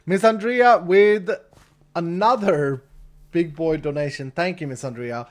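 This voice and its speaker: A man's voice: a little high, a little slow. A man streaming a game live, chatting casually with his viewers, reading chat, thanking donors and laughing easily.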